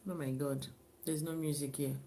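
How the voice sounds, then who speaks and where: A woman's voice: low voice, little pitch movement, moderate pace, dark tone, slight background noise. Chatty woman live-streaming, repeating herself. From Africa. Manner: chatty, repeats herself, laughs and sighs often. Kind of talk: casual live-stream chat.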